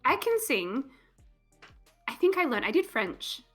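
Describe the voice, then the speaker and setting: A woman's voice: high voice, very animated, measured pace, a bit bright, soft background music. A woman co-hosting a stream, teasing playfully and reading out viewers' comments. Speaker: co-host reading chat. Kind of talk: casual live-stream chat.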